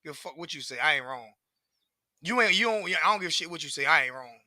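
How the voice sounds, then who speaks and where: A man's voice: fairly high pitch, lively intonation, fast, pushed and bright, no echo, clean studio sound. A man, ranting profanely and repetitively as a sports fan commentator. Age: 40s.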